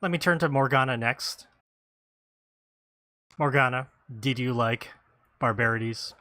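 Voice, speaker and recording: A man hosts a casual podcast, moving through credits and blurb copy with small stumbles and self-deprecating asides. His voice is bright and forward. The recording is dry and close, with almost no room sound. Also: medium pitch, a little slow, dry recording. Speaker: podcast host.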